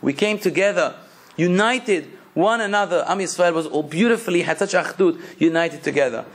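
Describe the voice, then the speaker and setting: A man's voice: high voice, normal speed. A man, a rabbi, giving a sermon in a passionate, emphatic preaching manner.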